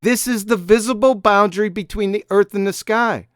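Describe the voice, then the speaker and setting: A man running a live call-in debate, reading out definitions at a measured pace and firmly holding his ground. His voice is smooth and clear, recorded close and dry with no room sound. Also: high-pitched, a bit bright, dry recording. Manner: reads definitions aloud slowly, insists firmly. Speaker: host.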